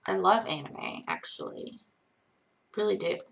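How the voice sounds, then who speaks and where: A woman's voice: medium pitch, very animated, unhurried, vocal fry, fairly bright tone. A woman in her twenties from Georgia, with a light accent that has little Southern to it, chatting casually on a livestream and answering viewer questions in a rambling way. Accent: light Connecticut-tinged American, little Southern. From Georgia, USA. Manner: chatty, rambling, many likes and ums. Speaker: livestream host. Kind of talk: casual live chat reading viewer questions.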